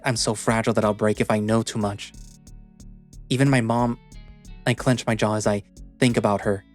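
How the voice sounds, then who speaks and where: A man's voice: medium pitch, natural voice. A man voicing Tom, a troubled young man who answers curtly and defensively, in a visual novel reading with faint music behind. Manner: curt, defensive, swearing. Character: guarded, troubled young man holding back tears.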